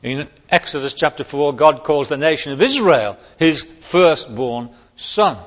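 A man's voice: a little high, lively intonation, a little slow, a bit bright. A man preaching a sermon on a psalm, stressing key words emphatically and rising sharply on them. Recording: long hall reverb, dull lo-fi sound.

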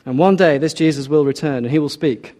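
A man preaching a sermon, earnest and measured, slowing down to stress key lines. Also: on the high side, mellow. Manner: measured, earnest, slows for emphasis.

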